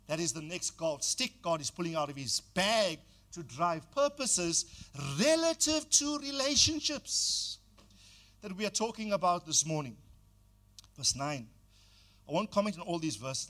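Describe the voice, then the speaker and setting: A man's voice: fairly high pitch, lively intonation, moderate pace, bright, forceful tone. An older man preaching a sermon as pastor, exhorting the congregation and calling on them to repeat phrases.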